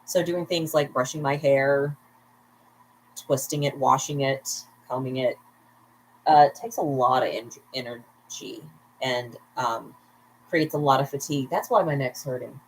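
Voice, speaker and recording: This vlogger has a bass voice and speaks a little slowly, with slight background noise on a low-quality recording. She's tipsy and at home at bedtime, running a casual livestream full of rambling, frequent laughter and chatty remarks to viewers.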